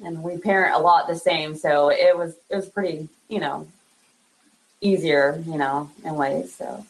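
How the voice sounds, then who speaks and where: Deep-voiced and steady, a woman in her thirties speaks at a measured pace during a casual interview, filling her talk with fillers and frequent laughter. The audio quality is poor.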